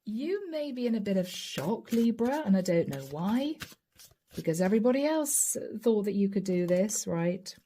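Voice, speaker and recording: A woman giving a channeled tarot reading to camera, gentle and encouraging, speaking straight to her viewers and breaking into soft laughs. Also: mid-range voice, sing-song, moderate pace, a little hiss or hum. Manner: often breaks into light laughs and soft asides. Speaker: tarot reader.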